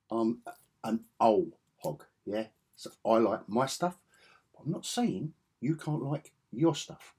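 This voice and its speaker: Showing off his comic collection in a casual show-and-tell chat, a man rambles enthusiastically with chuckling asides. His voice is on the low side, expressive, slow, husky, and somewhat dark in tone.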